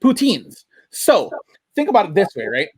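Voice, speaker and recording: Male podcast co-host, higher voice, dry close sound, easygoing and jokey. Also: normal speed, dry recording. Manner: animated, laughs a lot, jokey. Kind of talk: casual chat.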